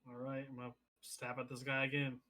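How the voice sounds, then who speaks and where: A man's voice: mid-range voice, completely flat delivery, sharp tone. A man playing in a tabletop game who calls out his actions in a matter-of-fact way. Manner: matter-of-fact, quick about his turn.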